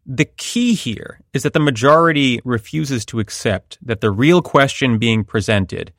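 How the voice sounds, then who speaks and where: A man's voice: mid-range voice, expressive, measured pace, fairly bright tone, dry recording. Guy breaking down a court case, dry sarcastic tone, dead dry room. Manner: explanatory, wry. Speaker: podcast host. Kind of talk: legal analysis chat.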